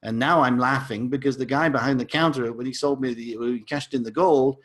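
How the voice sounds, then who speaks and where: A man's voice: medium pitch, fairly quick, few pauses, a bit bright. A man teaching a crypto lesson over a chart, enthusiastic and salesy, with frequent repeated words and asides. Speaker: crypto educator.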